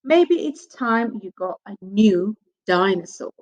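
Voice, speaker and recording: A jolly, chuckling father pig read out by a woman, easygoing and warm-hearted. The voice lilts slowly through each line in a storybook tone. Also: medium pitch, lively intonation, dull audio. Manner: jovial, chuckling. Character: jolly fatherly daddy pig, slightly clumsy.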